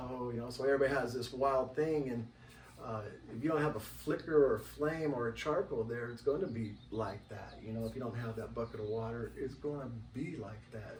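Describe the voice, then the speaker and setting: A man's voice: mid-range voice, brisk, slight background noise. Rambling man in a roomy room. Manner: rambling, animated, acts out quoted voices. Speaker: interview guest. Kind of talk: casual conversation. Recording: roomy, distant mic, faint ambience.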